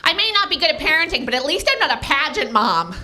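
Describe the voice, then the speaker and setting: A woman comedian doing a stand-up set with a deadpan, self-mocking delivery on a club stage. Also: sits high, fast, over music.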